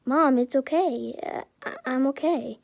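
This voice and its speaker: A woman's voice: high-pitched, measured pace, creaky. A woman voicing an earnest teen boy turned dinosaur. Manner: earnest, exasperated.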